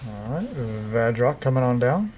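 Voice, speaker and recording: Man, mid-pitched voice, relaxed game commentator with dry, wry asides. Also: measured pace, a little hiss or hum. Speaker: gameplay commentator. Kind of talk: casual gameplay commentary.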